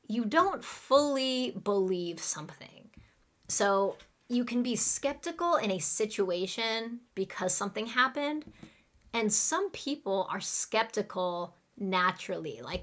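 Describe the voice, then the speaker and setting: A woman's voice: mid-range voice, fairly bright tone. A woman teaches English vocabulary in a live online class. She explains each word in plain, everyday terms and then leads her students through repeat-after-me drills.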